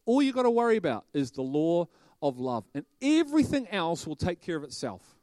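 A male preacher, delivering a lively sermon that swings from quiet stress on words to loud bursts. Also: on the high side, fairly quick, no echo, studio quality. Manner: animated, bursts into loud shouting and laughter.

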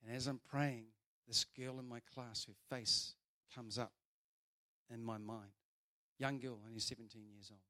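A man over forty, preaching a sermon and telling a story with big swings between loud and soft. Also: medium pitch, fairly even intonation, normal speed.

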